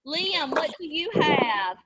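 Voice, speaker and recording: Woman teacher, high voice, unhurried, exaggerated sounding-out, noisy video call audio. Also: very animated. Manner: slow, encouraging, exaggerated sounding-out. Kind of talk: online phonics lesson with children. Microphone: laptop mic on video call.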